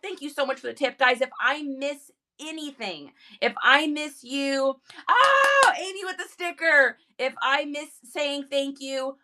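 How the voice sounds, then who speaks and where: A woman hosting a casual live stream, bubbly and excitable, talking into a phone. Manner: bubbly, excitable, high-energy. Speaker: live-stream reseller host.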